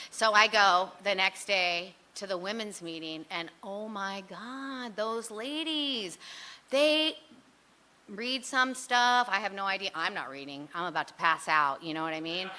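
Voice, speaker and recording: A middle-aged woman sharing her personal story at a recovery meeting, chatty and animated with lively asides. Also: fairly low pitch.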